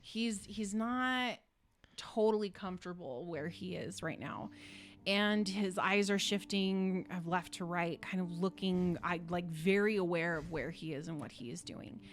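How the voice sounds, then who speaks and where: A woman's voice: lowish voice, measured pace. A woman narrating a tabletop game as game master, describing scenes with frequent fillers.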